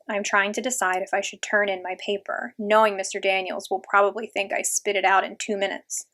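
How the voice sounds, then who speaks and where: A woman's voice: medium pitch, a bit bright. Woman reading a storybook aloud. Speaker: audiobook reader. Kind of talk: first-person storybook narration.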